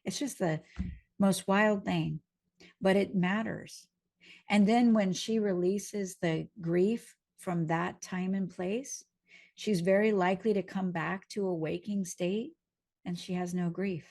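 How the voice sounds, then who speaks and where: A woman who is a healing teacher and hypnotherapist, explaining a training lesson calmly with homely images. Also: medium pitch, slow.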